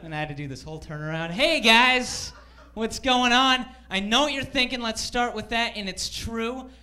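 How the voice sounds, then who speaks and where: A man's voice: extremely high pitch, normal speed, pushed and bright. A man in his twenties doing stand-up in a comedy club, cocky and self-mocking. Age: 20s.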